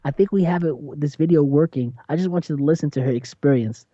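A radio host talks in a loose, chatty way, telling stories and jumping into high voices for quotes. The voice is very dark and mellow, and it sounds close and dry. The studio sound is slightly dull. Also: fast, no room sound. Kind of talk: casual talk-radio monologue.

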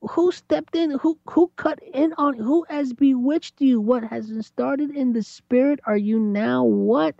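A man's voice: very high-pitched, creaky, warm tone, no room sound, voice pushed up, heavily acted. A man voicing an incredulous God, firing off disbelieving questions at proud humans. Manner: rapid-fire disbelieving questions. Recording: dry, slightly dull lo-fi sound.

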